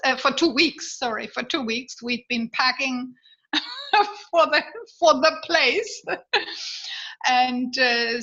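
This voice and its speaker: A woman tells a personal story in a loose, casual way, stopping often for fillers and restarts and breaking into laughter along the way. Her voice sits a little high and sounds bright. The recording is dull and lo-fi. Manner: halting, with many fillers and restarts; laughs often while telling. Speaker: guest sharing a birth story. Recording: dull lo-fi audio.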